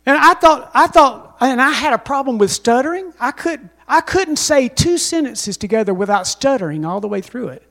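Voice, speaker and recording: A man's voice: very high voice, lively intonation, moderate pace, few pauses, a bit bright. A man preaching a sermon as pastor, telling stories with emphasis and calling on the congregation to respond.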